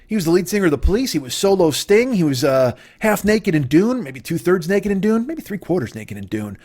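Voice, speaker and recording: A man's voice: high-pitched, big pitch swings, a little fast, darkish tone. A man in his forties, a podcast host, delivering a rambling, profane comedic monologue that jumps from tangent to tangent. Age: 40s.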